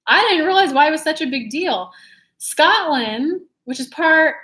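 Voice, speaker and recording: A woman's voice: sits high, animated, a little slow, pushed and bright. A young woman from California chatting casually on a livestream, rambling and laughing as she talks. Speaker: livestream host, tarot reader.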